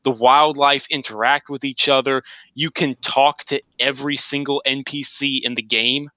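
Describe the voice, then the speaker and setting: A man's voice: medium pitch, moderate pace, no echo, lo-fi sound. A man co-hosting a casual gaming podcast, telling stories with enthusiasm and acting out quotes. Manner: enthusiastic, animated storytelling with acted quotes. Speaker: podcast co-host.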